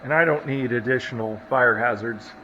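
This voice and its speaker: Chatty man thinking out loud in his shop. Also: medium pitch, moderate pace. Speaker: hot rod builder and channel host. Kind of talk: casual shop vlog narration. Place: home workshop, hot day. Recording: muffled audio, faint shop noise.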